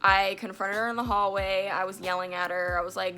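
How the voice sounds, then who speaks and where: A young woman tells a personal story to her camera in an animated, emphatic way, dropping casual swear words as she goes. Her voice has a bright, sharp edge, and faint music plays underneath. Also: medium pitch, fairly quick. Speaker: vlogger. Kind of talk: storytime vlog.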